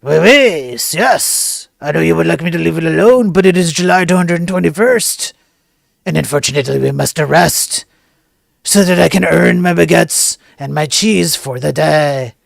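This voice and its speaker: A man voicing a weary, pompous male police officer in a comic mock-French accent, speaking slowly. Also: a little high, gravelly, dry recording, clean studio sound.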